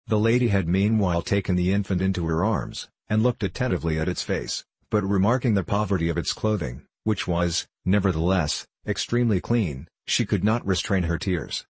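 Give me a low-voiced man with a husky tone reading an audiobook steadily. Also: brisk, few pauses, a little mellow, no room sound. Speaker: narrator. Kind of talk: audiobook narration.

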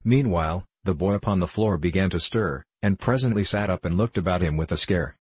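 A man narrates an old novel at a measured pace. His voice is very low and a touch husky. The recording is close and dry, with no room sound. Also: darkish tone, dry recording. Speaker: audiobook narrator. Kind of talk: scripted narration of a classic novel.

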